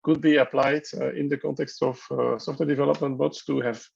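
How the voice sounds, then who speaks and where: A man moderating an open discussion at an online workshop, talking in a halting way as he thinks aloud over video call audio. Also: mid-range voice, level tone, vocal fry, darkish tone, slightly rough, muffled recording.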